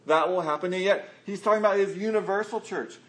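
A man's voice: high voice, fast talker, fairly bright tone. A man preaching a sermon earnestly, acting out quotes from scripture. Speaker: pastor.

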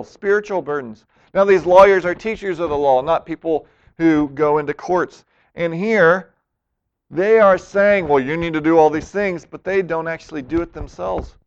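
A man's voice: sits high, smooth. A man preaching a sermon as a pastor, earnest, acting out the voices he quotes. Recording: dull lo-fi recording.

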